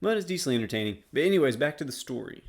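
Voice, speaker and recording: A man's voice: medium pitch, sing-song, rapid-fire, gravelly. A young man casually telling a school story as a YouTuber, slangy and rambling. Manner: slangy, rambling, laid-back.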